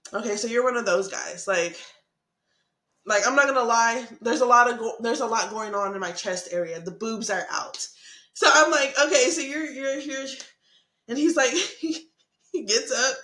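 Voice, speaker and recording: A young woman telling a story in casual podcast chat, animated, laughing often and acting out what people said. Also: fairly high pitch, roomy sound. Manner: animated, laughing, swearing, acts out quotes. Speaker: podcast co-host.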